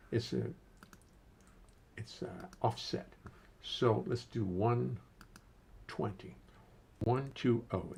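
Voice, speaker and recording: A man's voice: lowish voice, creaky, a little mellow, slightly rough. An older man casually hosting a livestream from his home studio, greeting viewers by name and muttering to himself as he adjusts settings.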